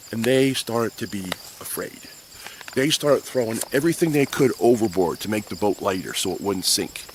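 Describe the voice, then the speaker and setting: A man's voice: mid-range voice, fairly bright tone, a little hiss or hum. A man teaching a playful children's Bible lesson outdoors, telling the story to kids with faint crickets behind him. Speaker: Sunday school teacher.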